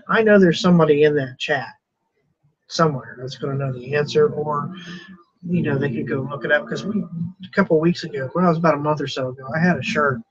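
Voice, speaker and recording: A man's voice: fairly high pitch, a bit bright. A man chatting casually on a live stream about reselling, rambling and chuckling at himself. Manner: rambling, chuckling, self-deprecating. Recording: dull lo-fi sound.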